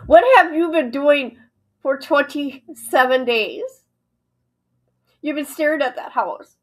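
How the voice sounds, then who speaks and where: Exclaiming woman streamer, slightly high. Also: expressive, slow pace, long pauses, poor audio. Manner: exclaiming, laughing in disbelief. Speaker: livestream host. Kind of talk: casual reaction commentary.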